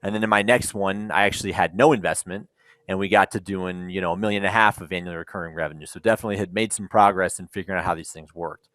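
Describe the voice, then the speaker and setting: A man with a slightly low voice recounts how he built a company, chatting informally with ums and restarts. He acts out phone calls and conversations with lively shifts. The sound is dry and close. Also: fast talker, no room sound. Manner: animated storyteller acting out dialogue, frequent ums. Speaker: startup founder, panel speaker. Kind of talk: conversational keynote storytelling.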